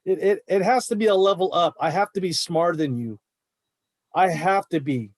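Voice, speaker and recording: A man's voice: high-pitched, normal speed, dry recording. A middle-aged man, a martial arts coach, talking in a fired-up, emphatic way on a podcast. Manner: fired-up, emphatic, says bro a lot. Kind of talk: casual podcast chat.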